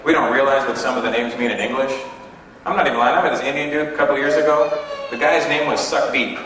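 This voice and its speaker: A young man from Canada performing an animated stand-up set, acting out voices and characters. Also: mid-range voice, very fast. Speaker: stand-up comedian. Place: large indoor hall with audience. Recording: echoey hall, far from mic, noisy old tape.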